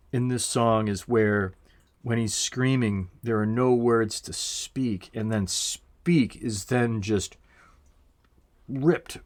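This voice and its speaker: A man giving a casual, reflective album review, unhurried and full of fillers, swearing now and then. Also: on the low side. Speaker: music reviewer.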